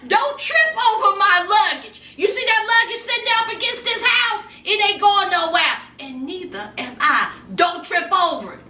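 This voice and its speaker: A woman's voice: very high voice, animated, normal speed, few pauses, sharp tone, echoey room, distant mic, heavily acted. A woman voicing a brassy, defiant woman who talks back in a sassy, confrontational way. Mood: taunting.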